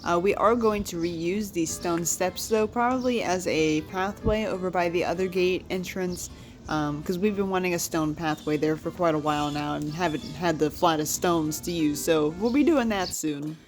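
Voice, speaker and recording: A young woman casually chatting in a home-project vlog, excitable and a little sweary, often trailing off mid-sentence. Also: on the low side, moderate pace, soft background music. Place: house indoors.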